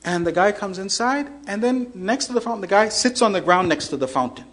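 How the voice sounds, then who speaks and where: A man delivering a storytelling sermon, animated and acting out the voices in his story. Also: high-pitched, brisk, low-quality recording. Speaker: preacher.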